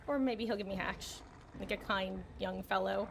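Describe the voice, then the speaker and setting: A woman's voice: medium pitch, steady tone, normal speed, vocal fry, a bit bright, slight background noise. A woman streaming herself playing a game, with playful, goofy commentary and frequent laughter. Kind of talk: livestream gameplay commentary.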